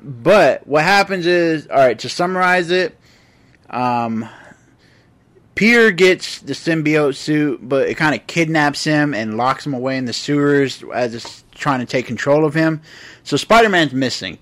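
This man co-hosts a casual podcast and sums up a comic he read in a laid-back, joking way. He chuckles often and swears now and then. His voice sits a bit above the usual male pitch. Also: animated, a little slow, a bit bright. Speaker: podcast co-host. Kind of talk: casual chat.

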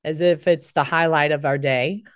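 A middle-aged American woman hosts a talk show and delivers an impassioned monologue, earnest and emphatic, rising with emotion. Her voice is low and steady, at a moderate pace.

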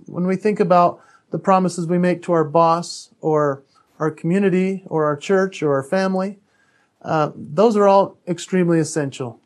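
A man's voice: a little high, darkish tone. A man who is an author and speaker, a podcast guest telling a personal story in an earnest, candid way, often restarting his sentences.

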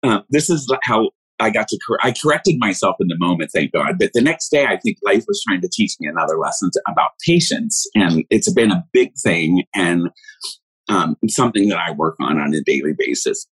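A man with a somewhat low, husky voice tells a personal story in a loose, rambling way. He restarts his sentences often and laughs as he goes. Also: animated, a little fast, fairly bright tone, poor audio. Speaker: guest.

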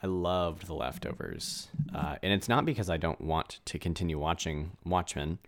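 A man co-hosting a casual chat, musing and relaxed, with lots of filler words. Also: low voice, normal speed. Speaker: podcast co-host.

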